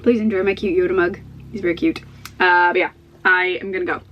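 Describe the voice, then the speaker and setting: A woman's voice: lowish voice, fairly even intonation, quick pace, muffled recording, a little hiss or hum. A woman chatting casually in a book vlog from her home office, stressed, rambling and self-deprecating, with little laughs between phrases. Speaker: book vlogger.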